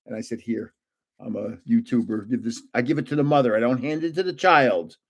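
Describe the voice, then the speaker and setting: A man's voice: mid-range voice, quick pace. An older man hosting a casual live stream, chatting and joking as he guesses card names aloud. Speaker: livestream host opening trading cards.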